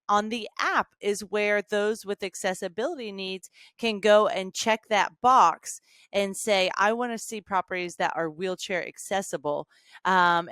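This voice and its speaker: Smooth, dry-sounding woman host. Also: medium pitch, fairly bright tone, dry recording. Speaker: podcast host. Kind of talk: podcast interview, wrapping up.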